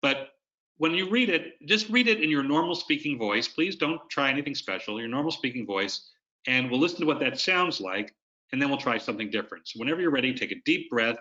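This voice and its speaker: Webinar presenter, man, bright and forceful tone, coaching style, dull lo-fi video-call sound. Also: medium pitch, lively intonation, a little fast. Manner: coaching, explains with demonstrations. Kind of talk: instructional webinar talk.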